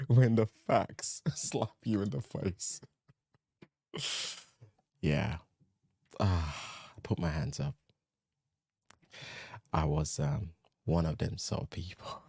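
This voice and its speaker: Man, reaction host, low voice, lively pitch, dry close sound. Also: slow pace, creaky, long pauses, no room sound. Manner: laughs often, relaxed musing. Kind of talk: casual reaction commentary.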